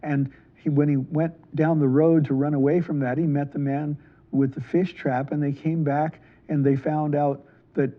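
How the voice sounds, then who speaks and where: A man with a fairly high voice tells a folk tale to children, lively and animated, popping into quick character voices. The sound is dull and lo-fi, like a modest home setup. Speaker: library storyteller. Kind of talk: storytelling for children.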